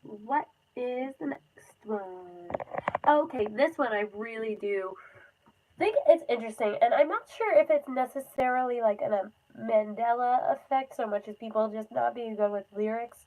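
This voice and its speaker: Young female streamer, slightly high voice, casual rambling phone-stream chat with easy laughs. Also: normal speed, narrow, tinny audio. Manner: rambling, laughs often, many fillers. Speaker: livestream host.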